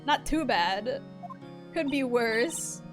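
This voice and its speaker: A woman's voice: fairly high pitch, animated, extremely slow. A young woman streaming a game, chatting casually, giggling and swearing freely. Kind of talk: casual let's-play commentary. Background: game music.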